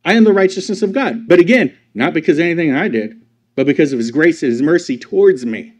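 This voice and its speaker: A pastor delivers a sermon in a voice that sits a little high for a man. He preaches emphatically and keeps asking the congregation rhetorical questions. He moves between loud, stressed lines and slow, quiet ones. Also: expressive.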